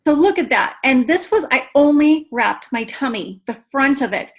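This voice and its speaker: A woman's voice: high voice, normal speed. Upbeat woman trainer, gushing and talkative on a video call. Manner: chatty and excitable, says "you guys" a lot. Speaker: team trainer.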